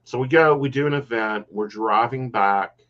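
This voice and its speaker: A man hosting a casual podcast chat, telling stories in a lively way and quoting himself. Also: medium pitch, moderate pace, dull audio. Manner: animated storyteller, quotes himself. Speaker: podcast host.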